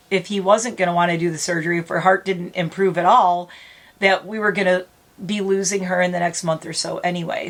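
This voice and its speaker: A middle-aged woman vlogging casually, rambling and close to tears, laughing through emotion. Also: lowish voice. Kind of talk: emotional casual vlog talk.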